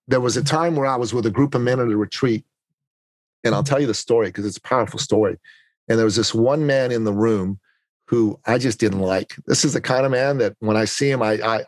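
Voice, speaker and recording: A man's voice: fairly low pitch, no echo. A middle-aged man, a podcast guest, telling a personal story in an earnest, confessional way, often repeating words as he gathers his thoughts.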